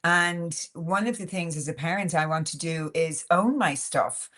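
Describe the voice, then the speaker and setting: A woman's voice: on the low side, a little slow, fairly bright tone. A woman with an Irish accent, a podcast guest who talks frankly and animatedly in a casual interview, full of "like" and "you know" fillers. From Ireland. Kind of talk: candid conversational interview.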